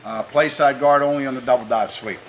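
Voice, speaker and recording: A man's voice: mid-range voice, fairly even intonation, dull audio, noisy background. Earnest man coaching his football team. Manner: earnest, plainspoken exhortation, pausing to restart phrases; grows louder and more fervent when speaking of country. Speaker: high school football head coach. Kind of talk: pregame locker-room speech to players.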